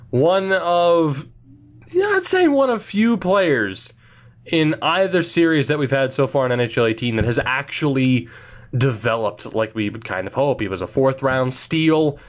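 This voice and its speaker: A young man casually commenting on his hockey video game franchise, playful and self-mocking, with drawn-out pauses. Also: on the high side. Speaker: gaming video host.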